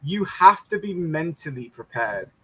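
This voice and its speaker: An English man in casual chat, telling stories lively and laughing often. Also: on the high side, unhurried, slightly rough. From England. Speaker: show host.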